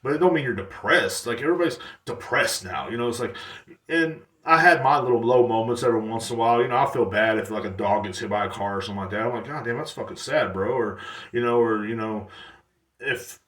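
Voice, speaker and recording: A man's voice: medium pitch, quick pace, fairly bright tone, echoey room, distant mic. A man hosting a podcast alone, rambling casually with blunt profanity and slang. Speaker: podcast host. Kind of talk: casual solo rant.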